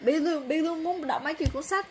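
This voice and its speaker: A woman's voice: high-pitched, rapid-fire, darkish tone. A woman whose first language is Vietnamese, a mother playing a bedtime game with her toddler, coaxing, playful and laughing often as she switches between two languages at home.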